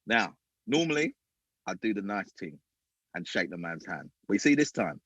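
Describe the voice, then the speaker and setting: A man, a podcast guest and former youth football coach, telling animated stories and acting out other people's voices. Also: fairly low pitch, normal speed, breathy edge, no echo, dull audio. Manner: acts out other people's voices, lively and emphatic. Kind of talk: animated storytelling.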